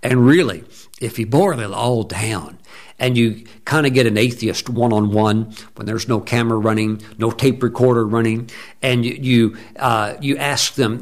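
A man's voice: medium pitch, moderate pace. A middle-aged man, a pastor, preaching a sermon emphatically, drawing words out and humming between phrases.

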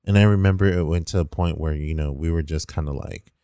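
Very deep, mellow-voiced young man. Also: fast, clear, resonant tone, no echo, studio quality. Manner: rambling, heavy use of 'like', swears casually. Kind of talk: casual conversational storytelling.

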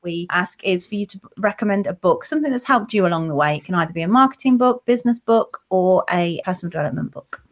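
A woman's voice: lowish voice, lively intonation, fast, hardly any pauses. A woman co-hosting a podcast, asking questions in a chatty, encouraging way. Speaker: podcast co-host. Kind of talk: casual interview chat.

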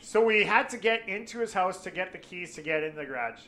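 A man's voice: sits high, expressive, brisk, bright, forceful tone. A man in a casual chat, telling a story with constant swearing and acted-out quotes.

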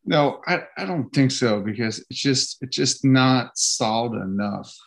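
A man on a casual podcast with a mid-range voice. He states his opinions bluntly and flatly, without much hedging. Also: medium pitch, a little slow, creaky. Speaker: podcast co-host.

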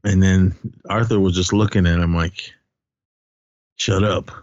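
Low-voiced man rambling through a plot recap. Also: steady tone, normal speed, darkish tone, no echo, dull audio. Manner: rambling retelling with quoted lines and laughs. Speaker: podcast co-host. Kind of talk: casual movie recap.

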